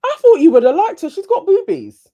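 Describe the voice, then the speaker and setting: A woman chats casually as a co-host. Her voice is mellow and warm, and it swings up and down a lot as she talks. She giggles easily and keeps the talk moving. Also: extremely high pitch, huge pitch swings, fairly quick, highs cut off. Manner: chatty and giggly, often laughs. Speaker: co-host reviewing a reality show. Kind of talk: casual chat.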